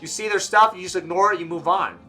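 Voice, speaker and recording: A man's voice: sits high, fast talker, sharp tone, soft background music. A young man giving blunt, exasperated reaction commentary, swearing freely and mocking what he reads. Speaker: commentary streamer.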